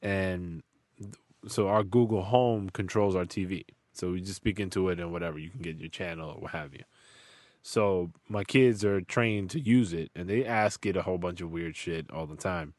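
A man hosting a podcast, talking in a relaxed, slangy way. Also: sits low, moderate pace, dry recording. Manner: relaxed, slangy and laid-back. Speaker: podcast host. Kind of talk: casual chat.

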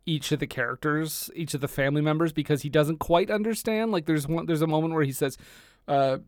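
A young man in his twenties co-hosting a podcast in a relaxed, joking chat. His voice is smooth and clear, a little high for a man. It is recorded close and dry. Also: fairly quick, no echo. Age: 20s. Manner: laid-back, joking, casual swearing. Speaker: podcast co-host. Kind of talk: casual film chat.

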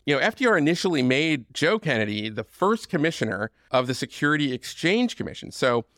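A man's voice: a little high, sing-song, fairly quick, a bit bright, dry recording, studio quality. A man hosting a podcast, telling history in a conversational monologue with frequent asides and fillers. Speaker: podcast host.

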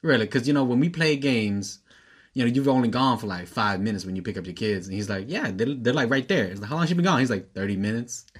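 A man's voice: mid-range voice, fast, husky. A man telling a funny story in casual chat, often laughing and quoting his friends. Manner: laughs a lot, quotes friends in a raised voice.

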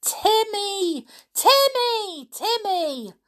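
A woman doing a shrill frantic girl's voice. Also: expressive, drawn-out words, full character voice. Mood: desperate. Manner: high, shrill calling out. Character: George, a girl crying out desperately.

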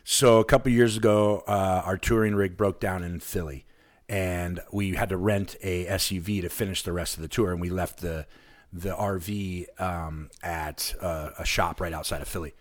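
A man from Alaska, a podcast guest, telling a long, excited anecdote in casual chat and acting out the people in it. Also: low voice, moderate pace. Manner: excited, rambling anecdote with lively quoted voices.

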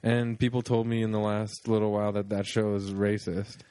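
A man's voice: lowish voice, level tone, a little fast, dark tone, clear, resonant tone, no room sound. A man in a joking casual chat who laughs often and keeps trying silly voices.

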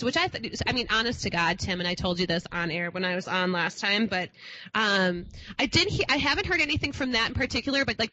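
A woman's voice: medium pitch, pushed and bright, slight background noise. A woman from Minnesota, a psychic guest on a radio show, chatting casually and laughing often. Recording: dull lo-fi sound.

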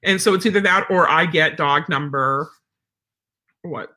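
A woman dog trainer chatting casually to viewers, rambling and filling pauses with um and you know. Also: low voice, sharp tone. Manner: rambling, chatty, many fillers.

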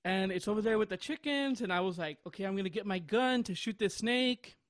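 A man's voice: sits high, fairly quick, no echo, clean studio sound. A man in his twenties, hosting a podcast, chatting casually and telling a long rambling story with bursts of laughter. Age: 20s. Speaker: podcast host. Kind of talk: casual chat.

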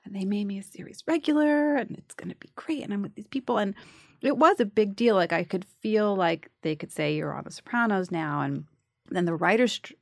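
A woman's voice: mid-range voice, a little fast, vocal fry, no room sound, clean studio sound. A woman in her forties, originally from New York, chatting casually as an actress guest and acting out quotes while she tells a story. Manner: animated storyteller, acts out quotes. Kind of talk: casual chat.

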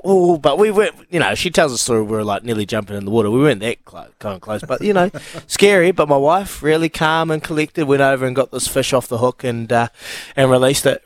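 Teasing New co-host, dry studio sound. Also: male voice, medium pitch, dry recording. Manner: teasing, laughing banter. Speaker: radio breakfast co-host. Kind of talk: casual radio chat.

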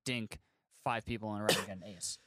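A man's voice: on the low side, fairly even intonation, quick pace, pushed and bright, dry recording. A young man co-hosting a casual gaming podcast, telling stories in a laid-back, wry way. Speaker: podcast co-host.

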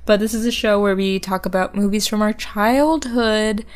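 A woman co-hosting a casual podcast over a call, playful and quick to laugh, with a scratchy throat. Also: medium pitch. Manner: playful, laughs often, jokey. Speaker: podcast co-host. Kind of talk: casual chat. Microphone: remote call.

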